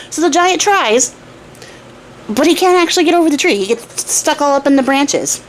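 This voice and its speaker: A woman's voice: high voice, expressive, normal speed, slight background noise, low-quality recording. A young adult woman hosting a craft channel, retelling a fairy tale casually with chatty, irreverent asides.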